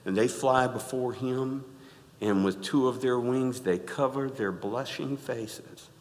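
A middle-aged man preaching a sermon in a church, animated and rising to loud exclaims, often asking the congregation to answer back. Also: medium pitch, slow pace. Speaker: pastor. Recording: reverberant church hall.

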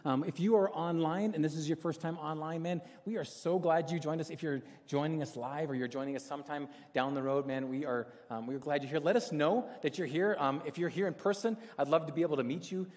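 Casual male pastor, somewhat high voice, animated storytelling sermon, long church-hall reverb. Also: brisk, few pauses. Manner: chatty, self-deprecating, animated storyteller.

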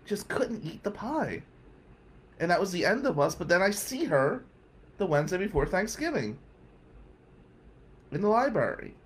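A man's voice: high-pitched, normal speed, pauses often. A man telling a funny personal anecdote in a conversational way, speaking straight to his listeners. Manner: animated, conversational, addresses listeners directly. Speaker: storyteller. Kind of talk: personal anecdote told to an audience.

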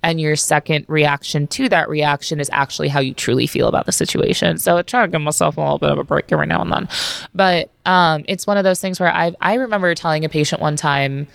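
Low, gravelly-voiced woman chiropractor. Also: fairly even intonation, quick pace, no room sound. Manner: candid, frank storytelling that acts out her own quoted exchanges. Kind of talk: casual interview talk.

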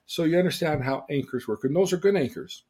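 An older man, a change coach, teaching through lively personal stories and acting out the people in them. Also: a little high, fast talker, slightly rough. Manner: animated storyteller who acts out quoted dialogue. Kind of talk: storytelling lesson on a podcast.

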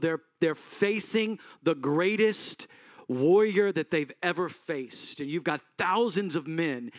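High-voiced man preaching a sermon. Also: no echo, clean studio sound. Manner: conversational storytelling, quizzes the congregation. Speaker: pastor.

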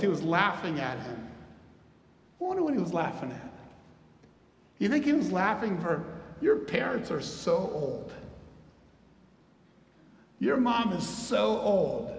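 A man preaching a sermon as a pastor, animated and asking his listeners questions as he teaches. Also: sits high. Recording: echoey hall, reverberant.

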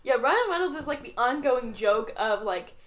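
Higher-voiced woman, chatty and quick. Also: animated, fairly bright tone. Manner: quick, chatty, uses "like" a lot. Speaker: podcast co-host. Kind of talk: casual chat.

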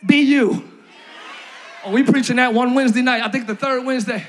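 A male pastor delivers a lively, playful sermon in a large church, frequently shouting to the congregation. His voice is very high-pitched and brisk, with some chatter in the background.

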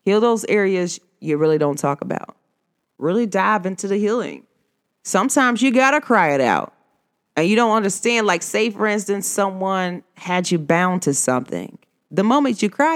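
A woman hosting her own podcast, talking casually and a bit like a preacher to her listeners, with speech patterns. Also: medium pitch. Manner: preachy, informal, addresses listeners as y'all. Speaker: podcast host. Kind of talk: casual motivational podcast talk.

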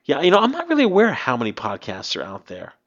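A man's voice: a little high, huge pitch swings, quick pace, a bit bright. A man hosting a podcast in casual chat, rambling and restarting his sentences, laughing often. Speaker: podcast host. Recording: slightly dull lo-fi sound.

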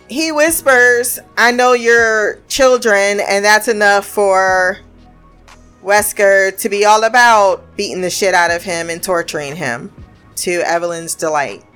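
A woman's voice: mid-range voice, a bit bright. A woman giving a casual, blunt and sarcastic review of a TV show, swearing freely as she recaps the episode.

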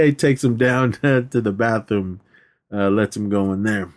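A man co-hosts a movie podcast, recapping scenes in casual conversation, laughing often and acting out characters' lines in a raised voice. He speaks at normal speed with a medium pitch and a darkish tone.

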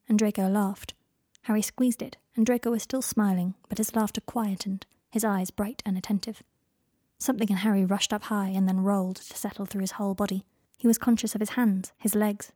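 Female story narrator; mellow, husky tone, dry close recording. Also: medium pitch, no echo. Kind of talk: reading a story aloud.

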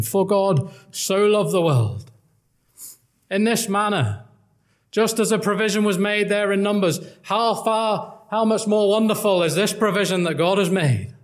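Male preacher, somewhat high voice, earnest and emphatic gospel sermon delivery. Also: a little mellow. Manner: earnest, emphatic preaching, quoting old-style scripture.

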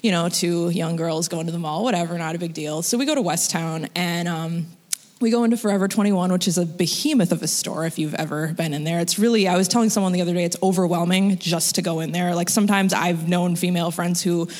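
A woman's voice: on the low side, fast talker, darkish tone. A woman telling a personal story in a casual, chatty way, full of "like" and "you know" fillers. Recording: long hall reverb.

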